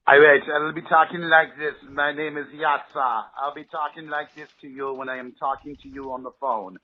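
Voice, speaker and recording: A man putting on a clumsy fake Middle Eastern accent, halting and repeating himself, over a lo-fi phone recording. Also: fairly high pitch, level tone, close to an everyday voice. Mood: stilted. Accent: poor put-on Middle Eastern accent. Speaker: caller on a recorded phone call. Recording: lo-fi phone voicemail and call.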